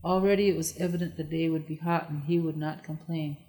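An audiobook narrator reading a historical novel in a steady, measured way. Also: medium pitch. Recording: long echoey reverb.

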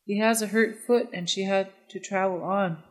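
Reader doing a polite young woman in a storybook, soft but firm, a little raised. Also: medium pitch, steady tone, moderate pace, close to an everyday voice. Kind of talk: storybook reading.

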